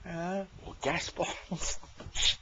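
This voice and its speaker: A man's voice: sits high, fairly even intonation, takes it slowly, bright, forceful tone, slight background noise. A man, rambling in casual chat, swearing freely and chuckling often. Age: 60s. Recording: dull lo-fi recording.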